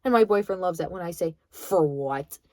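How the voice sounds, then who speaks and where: A woman's voice: lowish voice, fast, warm tone, dry recording. A young woman in college venting bluntly about her grandmother, swearing freely in a bitter monologue. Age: young adult. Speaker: vlogger.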